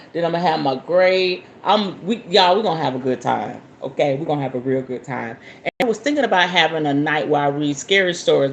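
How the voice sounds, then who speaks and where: A woman's voice: low voice, a little hiss or hum. Chatty, laughing woman hosting a spiritual show. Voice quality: expressive, laughs often, talks straight to viewers. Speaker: spiritual podcast host. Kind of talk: casual chat and reading aloud from a book.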